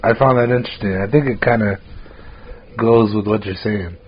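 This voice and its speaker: A man's voice: on the low side, fairly quick, slightly rough, dull audio. A man co-hosting a podcast in casual chat, loose and rambling with fillers and laughs. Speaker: podcast co-host.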